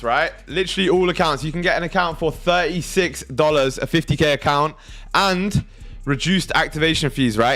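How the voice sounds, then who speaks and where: A man's voice: a little high, fairly bright tone. Crude, casual male livestream host. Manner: loose, crude, reads chat aloud.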